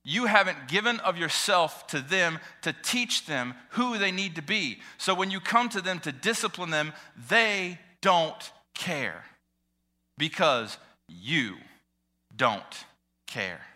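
Young male pastor, earnest sermon delivery, bright tense tone, pitch a bit high. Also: big pitch swings, slow. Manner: earnest, emotional, dynamic delivery with swells and drops. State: tearing up.

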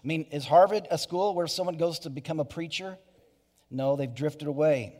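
A man's voice: a little high, moderate pace, dark tone. A man preaching a sermon to his church, earnest, with many restarts and asides. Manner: earnest preaching with frequent restarts and "you know". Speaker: pastor. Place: church sanctuary. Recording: hall reverb.

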